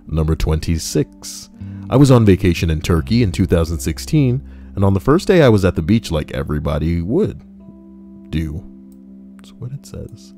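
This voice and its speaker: A man's voice: deep voice, very animated, moderate pace, warm tone. A man casually reading internet posts aloud and joking about them, with plenty of swearing and asides. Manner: jokey, swears, breaks into laughter and mock voices. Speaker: reddit story reader and streamer. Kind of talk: casual live reading with commentary. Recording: light guitar music underneath.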